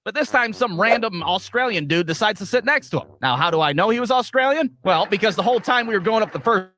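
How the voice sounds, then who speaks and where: A man telling a comedic story from the United States, in a profane, animated rant. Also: high-pitched, quick pace. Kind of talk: comedic monologue.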